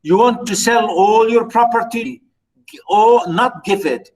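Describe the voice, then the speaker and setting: A man's voice: very high-pitched, takes it slowly, a little mellow, far from the mic, pitched above the performer's own voice. A man reading the lines of a puzzled older male judge from a novel, in a questioning tone. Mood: explaining.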